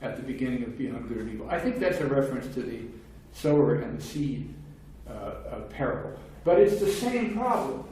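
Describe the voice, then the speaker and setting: A man's voice: medium pitch, expressive, fairly quick, hardly any pauses, darkish tone. A man giving a conversational academic lecture on philosophy, explaining at length with wry, casual asides. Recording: very echoey room, distant mic, faint noise.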